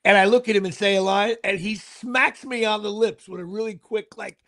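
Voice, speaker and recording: High-voiced, gravelly man telling a rambling story. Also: fairly even intonation, a little fast, sharp tone. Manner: rambling storyteller, frequent fillers and restarts. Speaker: podcast host. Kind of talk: casual chat.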